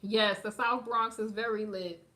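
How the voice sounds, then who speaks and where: A woman's voice: medium pitch, steady tone, a little slow, pushed and bright. A woman giving sassy, emphatic gossip commentary on a live stream, talking straight to her viewers in a slangy, casual way.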